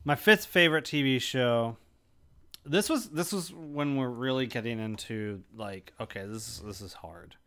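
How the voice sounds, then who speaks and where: A man's voice: mid-range voice, moderate pace, bright, forceful tone. A man co-hosting a podcast, talking casually and thinking aloud. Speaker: podcast co-host. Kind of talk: casual chat.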